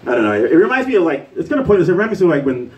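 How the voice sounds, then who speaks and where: On a bar stage with a live audience, a Puerto Rican male comedian does stand-up in a lively, swooping voice that's a little high and rapid-fire. He rambles loosely, with many fillers, acting out the people he describes. Sitting a bit back from the mic, he sounds distant, and the highs are cut off.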